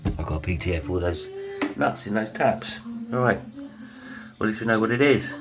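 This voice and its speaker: Deep-voiced man chatting through a repair. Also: expressive, moderate pace, over music. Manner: chatty, self-mocking, playfully melodramatic. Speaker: vlogger doing home repairs. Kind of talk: casual DIY vlog talk.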